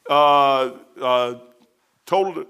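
A man preaching a folksy sermon, telling stories and breaking into sudden loud bursts. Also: medium pitch, very slow, clear, resonant tone. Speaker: pastor.

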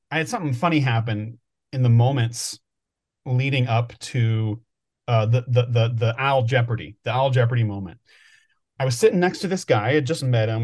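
A man's voice: mid-range voice, darkish tone. A man co-hosting a podcast, telling stories in a rambling, thinking-aloud way during casual chat. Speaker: podcast co-host.

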